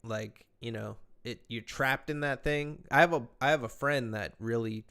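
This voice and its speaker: A man's voice: medium pitch, normal speed, fairly bright tone, smooth. A man telling a rambling, profane travel story in casual podcast chat. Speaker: podcast host.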